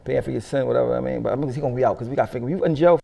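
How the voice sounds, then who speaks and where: A middle-aged man, telling stories in a casual interview, profane and animated, laughing often. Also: medium pitch, racing, creaky. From Philadelphia. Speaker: interview guest.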